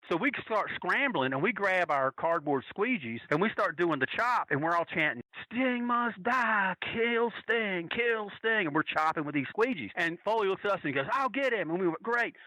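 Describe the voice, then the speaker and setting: A man from North Carolina casually telling a story as a podcast guest, animatedly acting out quotes in a higher voice. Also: bright, forceful tone, no echo, low-quality recording. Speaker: podcast guest, wrestling fan.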